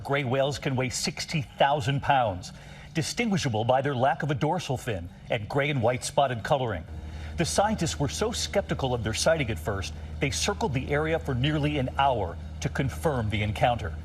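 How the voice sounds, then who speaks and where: A man's voice: medium pitch, expressive, moderate pace. Male TV news anchor reading a report. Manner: formal newsreader delivery.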